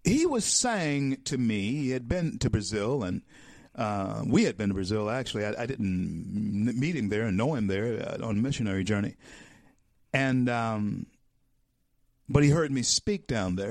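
A man hosting a talk show, giving a political commentary monologue in a preacher-like way that builds to loud, emphatic peaks and calls his listeners folks. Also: fairly low pitch, expressive, moderate pace, dry recording, studio quality. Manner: addresses listeners as folks and my friends.

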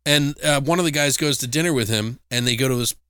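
Man, casual podcast co-host, lively retelling, swears a bit, dry close mic. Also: quick pace, smooth, no echo. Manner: animated retelling, jumps into high-pitched impressions of characters. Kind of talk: casual movie review chat.

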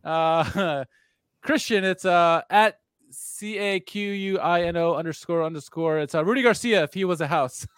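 A man's voice: high voice, unhurried, a bit bright, clear, resonant tone, no room sound. A man co-hosting a casual soccer podcast who laughs often and cracks jokes between filler words. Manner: chuckling, jokey, filler-heavy. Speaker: podcast co-host. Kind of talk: casual sports podcast chat.

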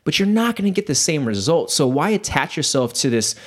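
A man hosting a casual podcast conversation, talking in an animated way with lots of restarts. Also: fairly high pitch, fairly quick.

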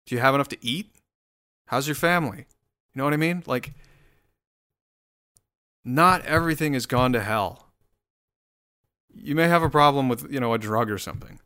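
A man's voice: medium pitch, normal speed, long pauses, sharp tone, clear, resonant tone. A man hosting his own solo show, rambling and swearing in a casual rant full of restarts. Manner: rambling, profane, self-interrupting.

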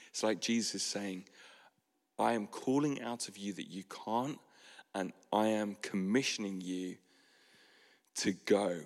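A man preaching a sermon as a pastor, earnest and soft-spoken with sudden emphatic rises. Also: lowish voice, creaky. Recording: long hall reverb.

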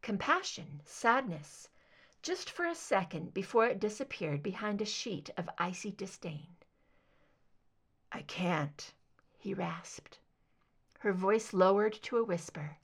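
A woman narrates a fan fiction audiobook, reading expressively. Her pitch moves with a lively, animated range. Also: moderate pace, breathy edge. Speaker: reader.

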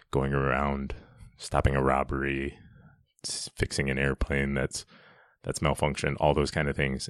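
A man's voice: rumbling low, no room sound, clean studio sound. A man giving a casual, enthusiastic commentary on a film scene, chatty and often restarting his sentences.

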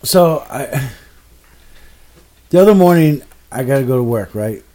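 A man telling an exasperated, profane story in a casual chat, swinging between low mutters and loud outbursts. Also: animated, a little slow.

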